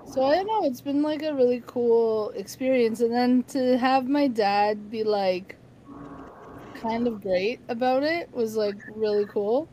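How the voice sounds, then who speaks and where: A woman's voice: fairly high pitch, a little slow, slight background noise, poor audio. A woman in her thirties chatting casually, telling a personal story and acting out the dialogue with lots of laughing. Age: 30s. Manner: animated storyteller who acts out quoted dialogue and laughs often. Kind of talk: casual chat.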